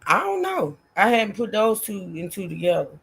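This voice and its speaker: A woman co-hosting a livestream in a chatty, animated way, talking with callers and viewers. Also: medium pitch, normal speed, vocal fry, breathy edge. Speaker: livestream co-host. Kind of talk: casual commentary chat.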